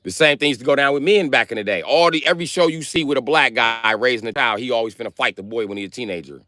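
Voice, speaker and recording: A man's voice: medium pitch, fast talker, bright, forceful tone, no echo, clean studio sound. A man giving a profane, rambling, joking rant on a casual livestream, talking outdoors in public.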